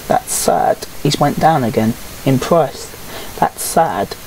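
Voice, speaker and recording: A woman's voice: very deep voice, lively intonation, slow pace, background noise. A woman giving casual, grumbling, sarcastic game commentary and swearing freely. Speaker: gaming YouTuber.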